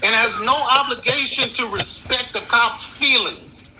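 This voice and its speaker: A man's voice: very high-pitched, measured pace, background noise. A man calling in to a talk stream who argues his side firmly and lands his points emphatically. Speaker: caller. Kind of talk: call-in debate.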